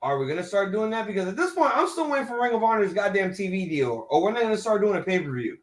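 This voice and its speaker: A man hosting a casual wrestling reaction chat, excitable and profane, often restarting his sentences. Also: sits high, fast talker. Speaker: podcast host.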